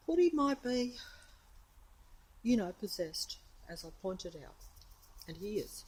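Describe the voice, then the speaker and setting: A woman's voice: medium pitch, big pitch swings, slow pace, pauses often, darkish tone, breathy edge. A woman rambling to the camera of her handheld phone outdoors on a residential street, chatting as she films. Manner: chatty, meandering, talks to camera and to her cat. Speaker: vlogger.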